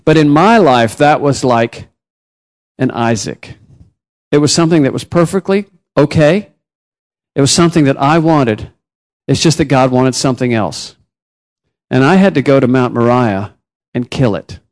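A man preaching a sermon as a missionary, telling personal stories with lively rises and drops in pitch. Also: moderate pace, long pauses.

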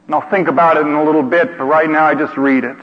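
A man preaches as if telling a dramatic story. His voice sits fairly high and swings between hushed and shouted. The recording is dull and carries a long hall reverb. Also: steady tone, quick pace. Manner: emotive, theatrical, with hushed passages and shouted outbursts.

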